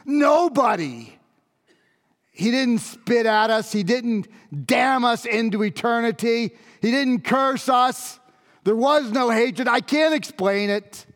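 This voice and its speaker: A grave Roman centurion, voiced by a man, pours out his awe in a high, unhurried voice. He pleads and circles back on his own words for emphasis. The sound trails off in the long echo of a large hall. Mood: solemn, awed. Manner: intense, pleading, repeats phrases for emphasis. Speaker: monologue performer. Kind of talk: dramatic first-person monologue.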